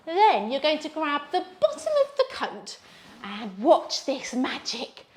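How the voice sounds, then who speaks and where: A woman's voice: high voice, wildly swooping pitch, measured pace. A woman leading a playful children's yoga session, telling a story with sound effects. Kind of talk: guided kids' yoga story.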